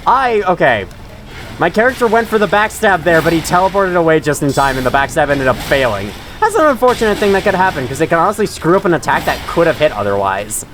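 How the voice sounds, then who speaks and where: Male let's-play host, chatty and jokey, pitch a touch high and bouncing all over, quick to laugh. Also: big pitch swings, background noise. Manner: chatty, joking, laughs often. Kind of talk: gaming commentary.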